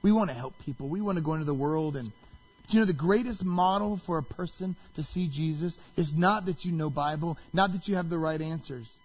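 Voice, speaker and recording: A man preaching a sermon, dramatic, swinging between hushed lines and shouted quotes, with a husky voice. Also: high voice, lo-fi sound. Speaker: pastor.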